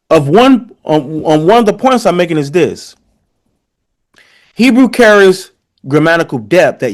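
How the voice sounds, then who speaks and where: Animated and emphatic, a teacher with a medium-pitched voice lectures on a language comparison. He addresses his listeners head-on and keeps checking in with them.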